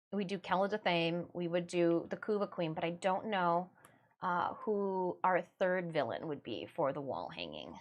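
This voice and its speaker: Chatty, giggly woman streamer. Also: lowish voice. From Michigan, USA. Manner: chatty, giggly, self-mocking. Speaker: livestreamer and artist. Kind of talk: casual livestream chat.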